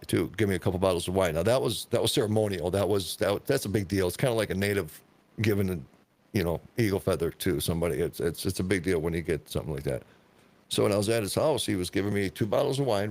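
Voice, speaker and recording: Man, podcast host, low pitch, emphatic, swears a lot, casual chat. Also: a little mellow. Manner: profane, emphatic storytelling.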